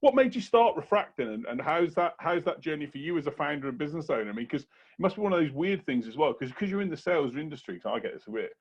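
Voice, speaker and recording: Fast-talking, excitable man host. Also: on the high side, husky. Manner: rapid, enthusiastic, repeats words when starting sentences. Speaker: podcast host. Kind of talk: casual interview chat. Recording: muffled lo-fi audio.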